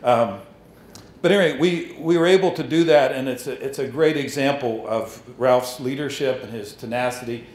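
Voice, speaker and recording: A man's voice: mid-range voice, normal speed. An older man giving an anecdotal speech at a dedication ceremony, telling stories with chuckles and restarts. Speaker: ceremony speaker. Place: hall at an outdoor marker dedication. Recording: echoey with faint ambience.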